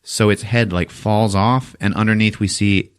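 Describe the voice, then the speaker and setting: A man hosting a podcast, retelling a film in a casual, profane and animated way. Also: fairly low pitch, normal speed, clear, resonant tone. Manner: animated, swears often, acts out quotes in silly voices. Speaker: podcast host recapping a film. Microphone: podcast mic.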